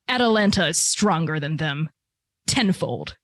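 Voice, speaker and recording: A woman's voice: deep voice, very animated, a little slow, no room sound, voice pushed down. A woman voicing a scornful, menacing male hunter god in a tabletop game.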